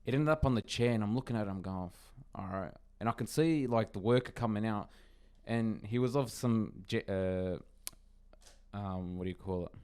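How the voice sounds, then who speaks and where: A man telling a story in a casual podcast chat, animated, repeating his words. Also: lowish voice, moderate pace, clean tone. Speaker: podcast co-host.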